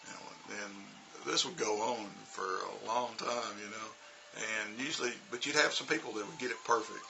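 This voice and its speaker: A low-pitched man with a gravelly, very bright and forceful edge to his voice. He rambles through a casual teaching story, padded with "you know" and "uh". A faint hiss sits behind him. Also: normal speed, lo-fi sound. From United States. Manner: rambling and relaxed, full of "you know" and "uh" fillers. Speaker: English teacher.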